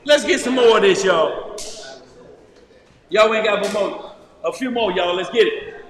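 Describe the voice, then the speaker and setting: A man leading a group Bible study in a lively, joking way, raising his voice at times. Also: sits high, unhurried, a little hiss or hum. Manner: animated, shouting at times, loose and joking. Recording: roomy hall with long reverb.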